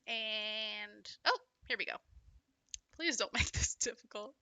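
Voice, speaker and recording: Young woman game developer with a fry-edged, bright voice, recorded close and dry, brainstorming aloud, halting and self-deprecating. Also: medium pitch, lively intonation, dry recording. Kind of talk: casual brainstorming commentary over gameplay.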